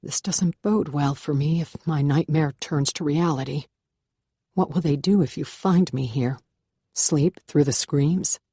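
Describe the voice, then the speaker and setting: A woman narrating a first-person thriller audiobook in a measured, hushed, tense way on a close microphone. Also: low-pitched, breathy edge, dry recording.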